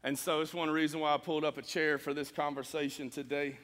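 Man, high bright voice, earnest sermon, echoing church hall. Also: little pitch movement, fast talker. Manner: earnest preaching, rising to emphatic scripture reading. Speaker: pastor.

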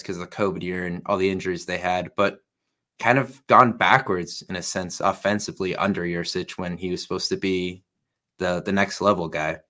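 A man with a somewhat low voice recaps games on a sports podcast. He talks in a relaxed, hedging way, softening his points with filler. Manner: laid-back, hedging with "kinda" and "I guess". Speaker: podcast co-host. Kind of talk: casual sports talk.

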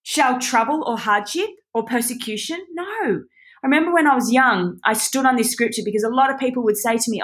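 Woman Bible teacher, fervent devotional delivery, fairly high voice, close to tears. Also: brisk, fairly bright tone. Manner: passionate, rising to high exclamations. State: teary.

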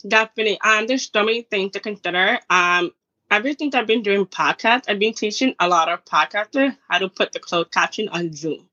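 Bright-voiced woman giving earnest advice. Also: medium pitch, a little fast. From Jamaican Caribbean family background. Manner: earnest, advising, animated retelling with laughs. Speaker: guest, author and podcaster. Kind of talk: conversational interview answers. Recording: dull lo-fi audio.

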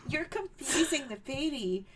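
A woman's voice: high-pitched, expressive, measured pace. A woman co-hosting a podcast, telling folk tales in casual chat and laughing often. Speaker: podcast co-host.

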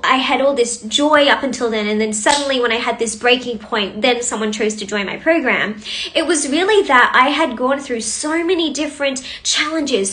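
Bubbly high-voiced woman coach. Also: sharp tone. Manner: bubbly and chatty, greets viewers by name. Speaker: host of a live manifestation coaching stream. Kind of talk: casual live-stream talk to viewers.

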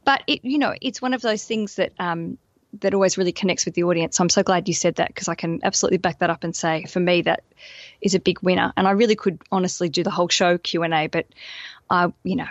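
A woman's voice: lowish voice, quick pace, no echo. Aussie woman on a podcast, jokey and rambly, dry dull-sounding audio. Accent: Australian. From Australia. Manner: lively, joking, self-deprecating, rambling with restarts. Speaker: podcast guest, wedding business owner. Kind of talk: casual podcast interview.

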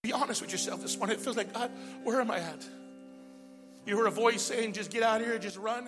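High-pitched shouting preacher with music behind. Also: male voice, brisk. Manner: preaching with call-and-response, swinging from shouts to hushed prayer. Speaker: pastor. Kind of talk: sermon.

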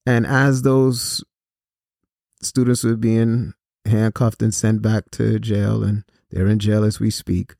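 A man with a low, gravelly voice and a dark, mellow tone tells a personal story to young listeners. He talks earnestly and at a measured pace, often pausing on small fillers. The sound is dry and close, with no room around it. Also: little pitch movement, no echo. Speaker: host and speaker on violence prevention. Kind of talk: personal storytelling talk to students.

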